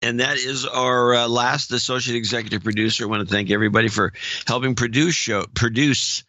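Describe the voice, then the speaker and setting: A man's voice: medium pitch, fairly even intonation, brisk, bright, forceful tone, no room sound. A man co-hosting a podcast, reading listener notes aloud with dry, wry asides. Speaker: podcast co-host. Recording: dull lo-fi dry sound.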